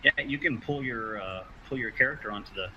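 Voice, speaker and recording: A man's voice: medium pitch, brisk, pushed and bright, highs cut off, slight background noise. A man narrating as game master over an online call, patiently explaining rulings to players.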